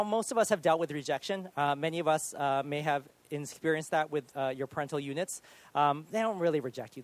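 A man in his thirties preaching a sermon, telling a personal story in an animated, self-deprecating way with sudden loud outbursts. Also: fairly high pitch, no room sound. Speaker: pastor.

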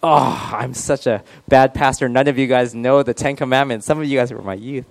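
A man's voice: mid-range voice, a little fast, gravelly, no room sound. A male pastor giving a casual, joking sermon and quizzing his congregation.

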